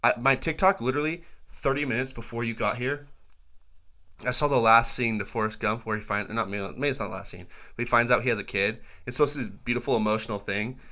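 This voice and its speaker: A man's voice: mid-range voice, fast talker, pushed and bright. A man co-hosting a casual podcast chat, rambling and laughing often as he talks. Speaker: podcast co-host.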